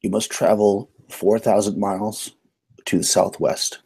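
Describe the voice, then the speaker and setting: A man voicing a stern magic statue in a tabletop game, reciting riddles slowly and deliberately. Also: lowish voice, fairly even intonation, dark tone, husky. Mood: solemn. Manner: slow, measured riddle recital.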